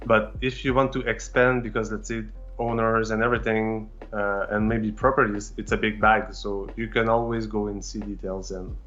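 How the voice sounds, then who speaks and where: A man's voice: on the low side, level tone, moderate pace, hardly any pauses, a bit bright, highs cut off. A man whose first language is French, presenting a live technical demo with many fillers and restarts.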